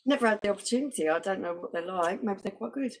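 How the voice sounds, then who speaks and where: Woman, casual live stream chat, chatty, giggles often, trails off softly. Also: medium pitch, expressive, fast.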